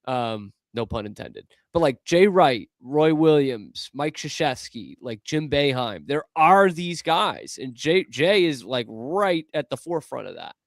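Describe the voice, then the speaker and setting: A man's voice: fairly high pitch, big pitch swings, measured pace, few pauses, no room sound, studio quality. A man co-hosting a sports talk show, chatting casually with frequent filler words. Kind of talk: casual sports radio chat.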